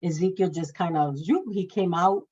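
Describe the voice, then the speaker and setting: A woman's voice: on the low side, moderate pace, darkish tone, husky. A woman sharing a personal testimony of faith in casual talk, telling it with feeling and acting out the words of the people in her story. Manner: emotional storytelling, acts out quoted speech; faith-filled, speaks of God. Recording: dull lo-fi audio.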